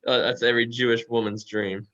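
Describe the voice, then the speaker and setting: A man's voice: mid-range voice, level tone, a little fast, a bit bright, lo-fi sound. A man chatting as a guest on a video call, laid-back and joking. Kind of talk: casual chat.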